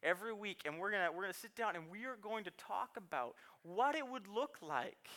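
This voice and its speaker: A man voicing his excited three-year-old son, eager and breathless, repeating "Daddy, Daddy". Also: high voice, fairly quick, pitched above the performer's own voice, full character voice.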